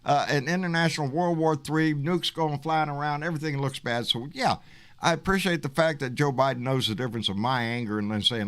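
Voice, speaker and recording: Older Texan host, blunt, cussing, fired-up chat on a video call. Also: male voice, a little high, brisk. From Texas. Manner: blunt, profane, animated, calls people baby. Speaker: livestream talk show host. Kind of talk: casual political chat.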